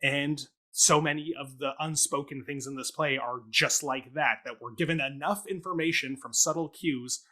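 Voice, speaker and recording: A man co-hosting a casual theatre review chat, thinking aloud with halting restarts. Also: mid-range voice, pushed and bright. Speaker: podcast co-host.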